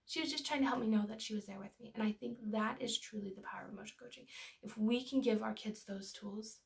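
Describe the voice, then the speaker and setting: A woman's voice: fairly high pitch, fast talker, vocal fry. A young adult woman and parenting educator giving an earnest, personal explanatory talk that is full of anecdotes.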